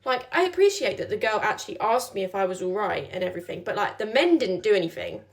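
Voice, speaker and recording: Young woman, casual chatty storyteller, medium-pitched voice. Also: very animated, fast talker. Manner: chatty, many "like"s, acts out quoted lines.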